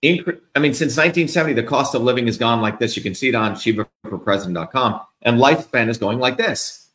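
A man's voice: medium pitch, fast talker, fairly bright tone, echoey room. A man being interviewed as a political candidate, ranting in a combative, profane, emphatic way. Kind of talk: heated interview rant.

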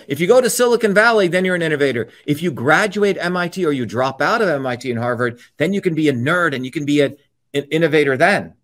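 Combative man with a raised pitch. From India. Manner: combative, repetitive, emphatic. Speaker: speaker giving a political talk. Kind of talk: impassioned monologue.

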